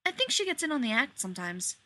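A woman voicing an impatient adult male scientist who speaks in a brisk, matter-of-fact way. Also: high-pitched, big pitch swings, pushed and bright, voice pushed up, full character voice.

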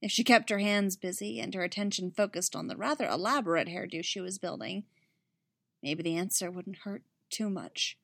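Soft-spoken woman reading a story. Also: medium pitch, moderate pace, creaky, dry recording, clean studio sound. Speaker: narrator. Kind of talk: audiobook reading.

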